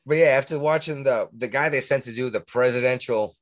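A man with a Massachusetts accent co-hosting a podcast in casual chat, talking in an animated way that jumps high when he gets worked up. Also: brisk, no room sound. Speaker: podcast co-host.

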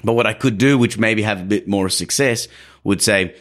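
Here a young adult man, a podcast host and dog trainer, talks through dog behavior in an easygoing, explanatory manner while acting out others' words. His voice leans low and fairly bright, at a moderate pace.

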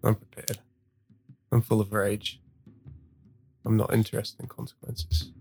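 A man's voice: lowish voice, level tone, unhurried, creaky, darkish tone, husky, faint music behind, heavily acted. A man playing an enraged cat-folk hunter who answers in terse, cold lines. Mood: grim.

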